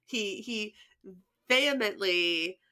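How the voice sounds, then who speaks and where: A woman's voice: medium pitch, lively intonation, takes it slowly, bright, forceful tone. A young woman co-hosting a podcast, chatting casually, laughing often and restarting her sentences. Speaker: podcast co-host. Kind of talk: casual chat.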